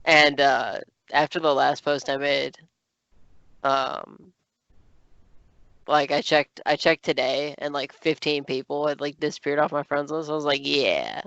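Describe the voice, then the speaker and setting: Chatty man with a smooth, bright voice. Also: a little high, a little slow, dry recording, lo-fi sound. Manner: animated storytelling with many fillers. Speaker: podcast co-host. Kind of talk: casual chat.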